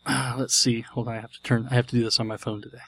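A man's voice: medium pitch, level tone, very fast, creaky, fairly bright tone, husky, no room sound. A man hosting his podcast, talking casually with a jokey, self-deprecating manner. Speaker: podcast host.

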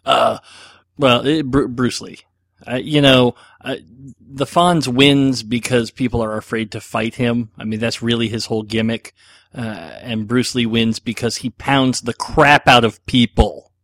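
Middle-aged male podcast host, rambling and self-deprecating, average pitch, dry close sound. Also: a little slow, fairly bright tone, dry recording. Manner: rambling, chatty, self-deprecating, many fillers. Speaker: podcast host answering listener questions. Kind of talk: casual chat.

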